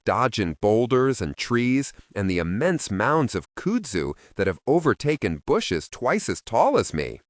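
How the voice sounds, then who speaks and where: A man reading a first-person young adult story as an audiobook narrator, with expressive delivery. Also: medium pitch, dry recording, studio quality. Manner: expressive, shifting voices for characters.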